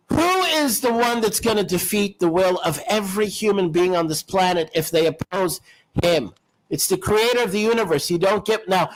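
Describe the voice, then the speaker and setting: A man with a high-set voice hosts a live-streamed talk show and argues hard with his callers. He preaches with insistence, stumbling through restarts and fillers as he pushes his point. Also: rough recording. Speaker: host. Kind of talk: heated live-stream debate.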